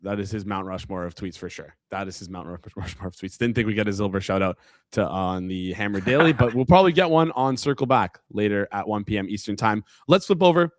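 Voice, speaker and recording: A young man from Canada hosting a casual sports betting podcast, playful and quick to laugh, his pitch jumping up when he gets excited. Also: dry recording, clean studio sound. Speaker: podcast host.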